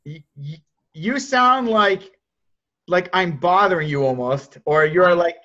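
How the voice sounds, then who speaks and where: Direct male sales coach on a call; high-pitched, muffled low-fi sound. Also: animated, slow pace, a bit bright. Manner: blunt, direct, repeats words when he starts a thought. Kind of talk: coaching on a group video call.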